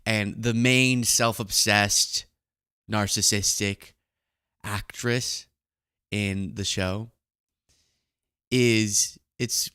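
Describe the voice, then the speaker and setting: Young guy doing sarcastic commentary, bright crisp voice, dry close mic. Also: on the low side, drawn-out words, long pauses, no room sound. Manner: sarcastic, animated. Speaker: commentary host. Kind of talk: political commentary.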